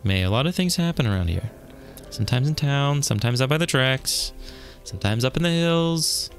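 A man voicing a stern female small-town police officer in a game, grave and warning, with a gravelly edge. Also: mid-range voice, lively intonation, faint music behind, lightly acted. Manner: grave, warning, slow and deliberate.

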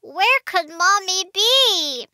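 Super high squeaky little cartoon shark kid, slow and sing-songy, kids music behind. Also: female voice, expressive, very noisy, exaggerated voice. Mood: curious. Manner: wide-eyed, sing-song, talks to viewers. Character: cheerful little girl shark, curious and eager.

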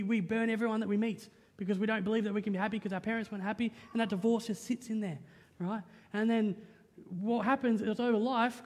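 A young Australian man preaches from the stage in a very high, bright voice, joking with the congregation and asking "right?" after nearly every point. His voice rings out through a church hall with a long trailing reverb. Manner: lively, joking, conversational, keeps asking "right?". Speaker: pastor. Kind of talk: sermon. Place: church auditorium.

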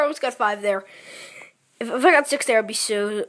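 A young woman playing a mobile game, counting her moves out loud and grumbling as she loses. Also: on the high side, moderate pace, long pauses. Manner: counting moves aloud, mildly frustrated. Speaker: gaming channel creator. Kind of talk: casual gameplay commentary.

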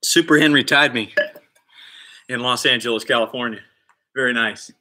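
Leading children through a live online PE session, this coach keeps count of reps and encourages everyone with a playful spirit. He speaks at a moderate pace in a medium pitch, shouting with excitement as the exercises go on.

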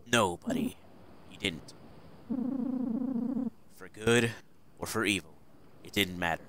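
A man voicing a weary, remorseful middle-aged father figure who speaks low, quiet and sorrowful. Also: takes it slowly, heavily acted.

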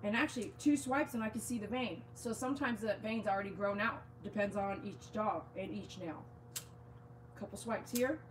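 A woman's voice: medium pitch, normal speed, a little hiss or hum. A woman dog groomer talking outdoors on a live-streamed grooming demonstration, chatty, coaxing and reassuring.

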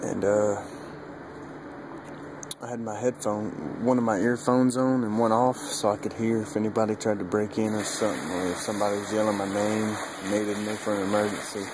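A young man vlogging outdoors with a handheld camera, rambling and cursing, laughing often and getting animated as he retells a story. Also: fairly low pitch, normal speed. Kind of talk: casual rambling vlog. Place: outdoors by a dog cage. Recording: noisy outdoor ambience.

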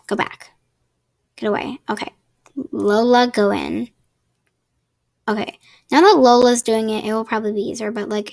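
A woman's voice: on the high side, gravelly. A woman giving casual gameplay tips, rambling and chatty with apologetic asides, recorded on a laptop mic at a home desk. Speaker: gaming channel host. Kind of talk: casual gameplay tutorial commentary. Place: home desk with ring light. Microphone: laptop built-in mic.

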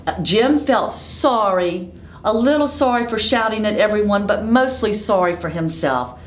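A woman's voice: medium pitch, animated, moderate pace, roomy sound. A woman reading a picture book aloud to children, asking them questions as she goes. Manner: interactive, asks children questions. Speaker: storytime reader.

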